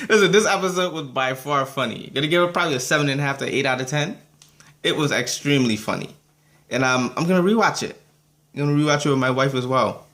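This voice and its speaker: A man's voice: medium pitch, fairly quick, fairly bright tone. A young man giving a casual, rambling review of a cartoon episode, laughing often between thoughts.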